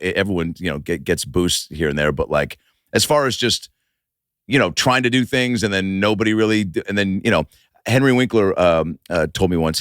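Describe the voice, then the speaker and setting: A man in his forties spinning loose, profane stories on a podcast, pitched on the low side and recorded bone dry. he rambles through long anecdotes with plenty of restarts and fillers. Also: a bit bright, dry recording. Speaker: comedian guest. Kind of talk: casual podcast chat.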